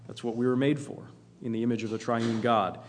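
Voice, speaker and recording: A man's voice: mid-range voice, fairly even intonation, fairly quick, a little hiss or hum. Earnest preacher man in a reverberant hall. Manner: earnest, emphatic, with repeats and fillers. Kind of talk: sermon.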